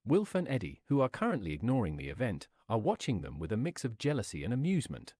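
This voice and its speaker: Man narrating with wildly swooping pitch. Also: huge pitch swings, fast talker, dark tone, breathy edge, dry recording. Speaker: storyteller. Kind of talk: reading an interactive adventure story.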